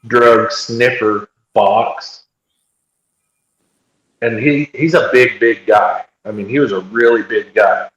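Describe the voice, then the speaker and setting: A man telling a story in casual chat, animated, and acting out what other people said. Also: fairly low pitch. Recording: echoey room.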